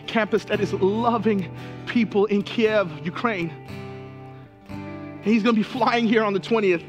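A man's voice: high voice, a bit bright. A man preaching a sermon as pastor, impassioned and emotional, repeating phrases for emphasis. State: near tears at times.

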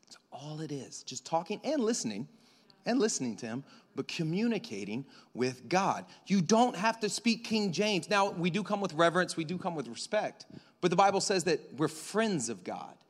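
A high-voiced man preaching with lively, swooping inflection, casual and joking with his congregation. His voice rings with a long reverb from the church hall. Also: normal speed. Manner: animated, conversational, jokes and acts out voices. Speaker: pastor. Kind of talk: sermon.

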